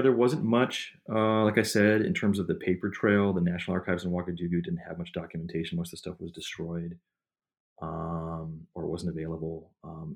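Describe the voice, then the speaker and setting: A man's voice: low-pitched, a little mellow. A man answering interview questions as a historian guest, rambling through stories with many fillers and restarts.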